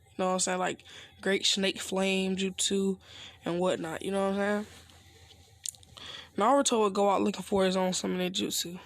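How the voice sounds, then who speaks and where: A man's voice: high voice, level tone, normal speed, creaky, long pauses, a bit bright, no room sound. A man casually improvising a fan-fiction story, rambling with slang asides.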